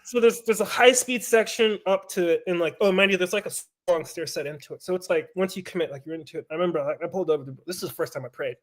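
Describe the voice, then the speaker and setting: A pro mountain biker tells a story in casual chat, his high voice moving at a quick pace with few pauses. He's animated, swears, and acts out the voices of people he quotes.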